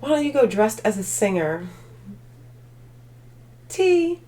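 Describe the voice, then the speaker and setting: A woman's voice: fairly high pitch, very animated, slow, mellow. A tired woman hosting a casual livestream, chatting with viewers in a rambling way full of filler words and laughter. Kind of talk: casual live chat.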